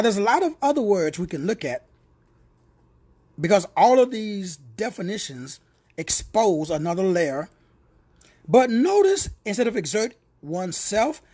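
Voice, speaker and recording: A man's voice: sits high, breathy edge. A man teaching a word study in a preacher's style, repeating phrases, calling out listeners by name and slipping into playful teasing asides. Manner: animated, repetitive, calls listeners by name.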